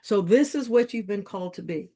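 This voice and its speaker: A woman coaching a group on business and wealth in a motivational call. She speaks in a mid-pitched voice, emphatic and repetitive, leaning into affirmation-style phrases. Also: animated, fairly quick, dark tone.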